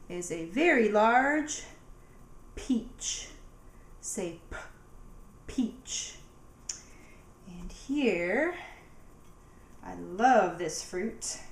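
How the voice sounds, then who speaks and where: A woman teacher giving a cheerful, encouraging alphabet lesson to young children, sounding words out slowly. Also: a little high. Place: home. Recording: echoey room.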